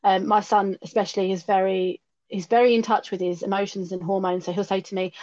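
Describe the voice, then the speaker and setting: A woman's voice: medium pitch, level tone, a little fast, darkish tone. A middle-aged woman speaks with earnest candour, often doubling a word before her thought gets going. Her voice sits in a middle register. The audio is dull and lo-fi. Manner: earnest, repeats words when starting a thought. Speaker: podcast guest. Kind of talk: candid conversational chat.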